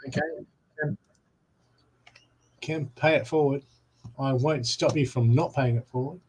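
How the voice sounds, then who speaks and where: A man's voice: medium pitch, steady tone, unhurried, a little mellow, a little hiss or hum, rough recording. A middle-aged man hosting a live reading stream, chatty and rambling as he talks to viewers at home. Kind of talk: casual live-stream chat. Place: home room.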